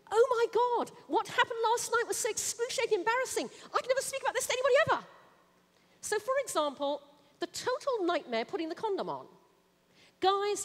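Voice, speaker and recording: High, lively woman giving an emphatic talk. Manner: emphatic, punchy, blunt. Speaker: conference speaker. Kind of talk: conference keynote talk. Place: conference stage. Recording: reverberant hall.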